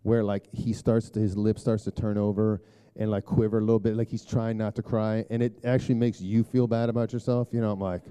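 A man preaching a casual sermon, telling a story in a loose, conversational way with lots of fillers and throat clearing. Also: lowish voice, little pitch movement, a little fast, warm tone.

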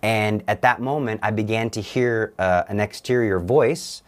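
Young man, low voice, earnest testimony, halting delivery with frequent restarts. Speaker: guest. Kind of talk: personal testimony.

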